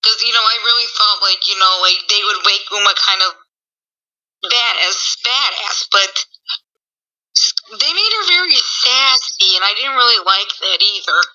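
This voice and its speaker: A woman's voice: medium pitch, moderate pace, bright, forceful tone. A woman as a guest in a casual chat, rambling and filling her talk with "like". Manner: rambling, heavy use of "like" fillers. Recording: dull lo-fi audio.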